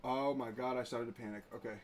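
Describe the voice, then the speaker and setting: A man's voice: mid-range voice, steady tone, fast, slight background noise. A man hosting his own show, talking in a rambling, indignant way with many restarts. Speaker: show host. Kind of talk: casual commentary.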